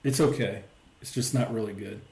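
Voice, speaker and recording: A man's voice: fairly low pitch, a little fast, darkish tone. A man hosting a livestream, chatting casually and rambling, with lots of "like" and "um". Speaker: livestream host. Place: home stream setup. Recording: roomy echo.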